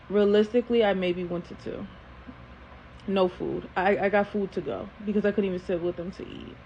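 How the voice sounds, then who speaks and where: A woman tells a personal story on camera in a casual, animated way, often repeating phrases for emphasis. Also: lowish voice. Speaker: storytime host. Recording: dull lo-fi sound with faint hiss.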